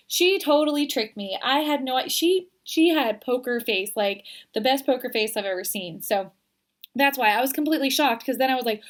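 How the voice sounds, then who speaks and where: Young female vlogger, earnest and chatty, slightly high-pitched, talking straight to camera. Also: moderate pace. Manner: chatty and earnest, emotional, near tears at the end. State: twenty weeks pregnant. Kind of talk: casual pregnancy update vlog.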